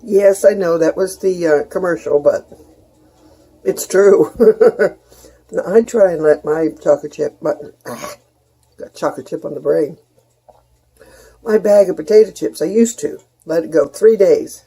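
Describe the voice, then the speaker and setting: A woman's voice: on the low side, measured pace, long pauses, mellow, slightly rough. A middle-aged woman, chatting casually in her kitchen as a home cooking vlogger and rambling in homey asides to her viewers.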